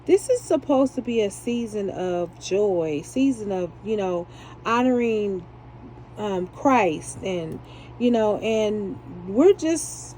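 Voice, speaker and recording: A woman's voice: medium pitch, dark tone, low-quality recording. Woman, chatty, self-amused, casual beading talk, faint hum behind. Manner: chatty, laughs at herself. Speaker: jewelry maker. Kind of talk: casual chat while beading.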